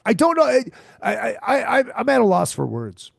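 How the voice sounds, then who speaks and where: Gravelly, animated man ranting crudely. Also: very high-pitched, moderate pace, no room sound, clean studio sound. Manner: profane, exasperated, repeats himself. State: tired and hungover. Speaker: podcast host. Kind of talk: crude comedic rant.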